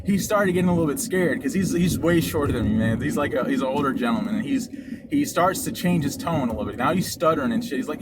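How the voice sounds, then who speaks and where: Young man, casual podcast storytelling, profane, emphatic, high-ish voice, loud background noise. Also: quick pace. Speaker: podcast co-host. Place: car during a delivery drive. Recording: loud road and ambient noise.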